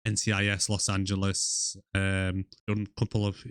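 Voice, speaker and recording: A man's voice: deep voice, completely flat delivery, normal speed, a bit bright, clear, resonant tone, no echo, clean studio sound. A man from Britain, co-hosting a casual movie review podcast, laughing often and keeping it loose. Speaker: podcast co-host.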